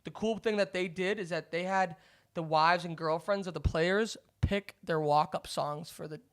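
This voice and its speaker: Low-voiced young woman reading sports news. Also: moderate pace. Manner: relaxed, reads sports news, stumbles on names. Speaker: podcast co-host. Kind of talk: casual sports chat.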